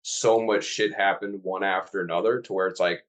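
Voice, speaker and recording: Deep-voiced young man telling his story. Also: normal speed. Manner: candid, profane, excitable. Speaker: coaching client on a group call. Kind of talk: casual chat.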